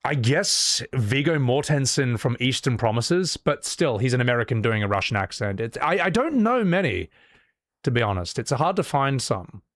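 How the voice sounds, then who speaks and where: A man's voice: medium pitch, big pitch swings, normal speed, no room sound, studio quality. A man streaming a game and voicing its characters, chatting casually, rambling, swearing freely and joking at his own expense. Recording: loud game music behind.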